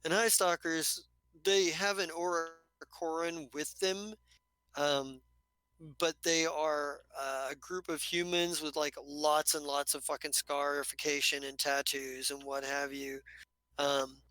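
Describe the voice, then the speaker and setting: A man's voice: fairly high pitch, level tone, unhurried, sharp tone, clear, resonant tone, no room sound, rough recording. A man narrating a tabletop game as game master, rambling with many restarts and casual swearing.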